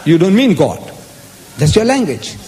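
A man's voice: high voice, big pitch swings, normal speed, dark tone. A man giving an emphatic lecture on scripture, quoting verses aloud in shifting voices. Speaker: speaker in a religious debate. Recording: hall with long reverb.

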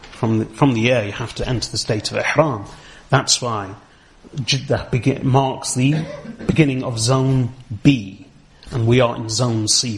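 A man giving a religious lecture, explaining slowly and step by step, repeating key terms and reciting Arabic verses fluently. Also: mid-range voice. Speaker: Islamic teacher.

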